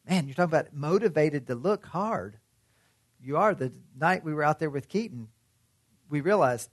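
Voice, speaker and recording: A man's voice: fairly high pitch, lively intonation, normal speed, no room sound, studio quality. A man preaching a sermon in a conversational way, often asking his listeners questions. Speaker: pastor.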